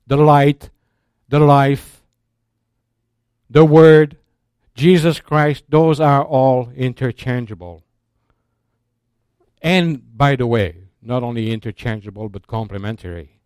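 Guy giving a bible sermon, slow and deliberate, restarts a lot, smooth voice. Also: medium pitch, steady tone, a little mellow, no echo, studio quality. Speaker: Bible teacher.

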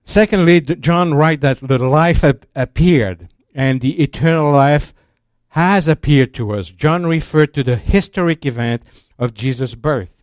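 A man teaching a sermon in a slow, deliberate, emphatic way, restarting his phrases often. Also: fairly high pitch, dry recording, clean studio sound. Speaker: Bible teacher.

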